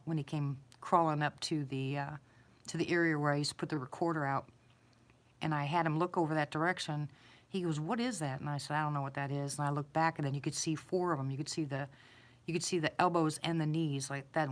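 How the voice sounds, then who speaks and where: Woman, low voice, casual storytelling, rambling, repeats herself, chuckles. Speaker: eyewitness storyteller.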